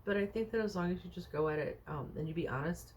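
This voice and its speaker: A woman's voice: on the low side, fast talker, a little mellow, a little hiss or hum. Chatty woman musing through a tarot reading. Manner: thinks aloud, musing with many fillers and rhetorical questions; chatty and reassuring toward the viewer. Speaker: tarot card reader. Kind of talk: casual tarot reading to camera.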